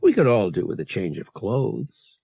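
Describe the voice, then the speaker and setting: A man playing a roguish young pilot who teases gently and reassures tenderly. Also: lowish voice, wildly swooping pitch, a little slow, gravelly, husky, dry recording, full character voice. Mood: teasing.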